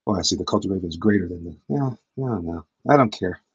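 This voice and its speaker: A man's voice: sits low, expressive, fast talker, a little mellow, breathy edge, no room sound, lo-fi sound. A man, a comic artist, chatting casually to his livestream audience while he draws, rambling and poking fun at himself. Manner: rambling and self-deprecating, talks to chat.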